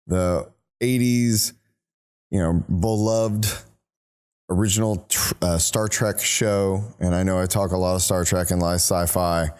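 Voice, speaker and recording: A man with a Texan accent hosting a podcast in casual chat, steering the talk with quick teasing. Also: sits low, steady tone, darkish tone, smooth. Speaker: podcast host.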